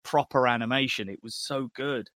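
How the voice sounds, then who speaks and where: A middle-aged man co-hosting a casual chat, animated and quick to break into mimicry. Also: mid-range voice, no echo. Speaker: podcast co-host.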